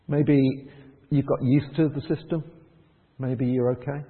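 A man preaching a conversational sermon in church, lively and chuckling, dropping to soft prayerful tones. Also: a little high, brisk, in a large hall, phone-quality sound.

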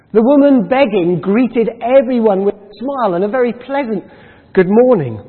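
A man telling an illustrative story in a sermon, animated with dramatic pauses, heard through a tinny recording in a reverberant hall. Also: high voice, slightly rough. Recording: tinny phone-like sound with long hall reverb.

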